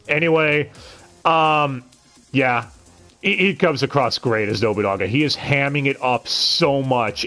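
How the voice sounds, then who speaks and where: A man's voice: medium pitch, fairly bright tone. A man reviewing an anime dub on a live stream, talking casually with frequent stammered restarts and blunt, profane sarcasm.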